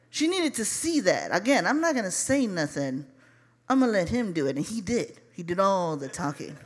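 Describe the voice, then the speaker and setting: A woman from Chicago telling a personal story live, animated and profane, calling her listeners y'all. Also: medium pitch, normal speed.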